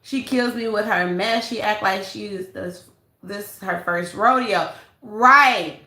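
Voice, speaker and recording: A woman's voice: medium pitch, takes it slowly, bright, forceful tone, roomy sound. A woman hosting a casual live-stream gossip commentary, blunt and sassy, greeting viewers by name. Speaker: livestream commentary host.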